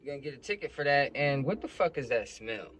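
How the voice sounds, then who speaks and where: A man's voice: mid-range voice, lively intonation, fast, a bit bright, slight background noise, natural voice. A man voicing an aggressive, foul-mouthed male police officer who barks threats. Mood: hostile. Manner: barking, profane, threatening.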